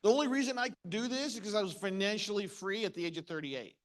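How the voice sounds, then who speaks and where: A man with a high voice delivers a fast, punchy motivational seminar talk, repeatedly asking the audience questions.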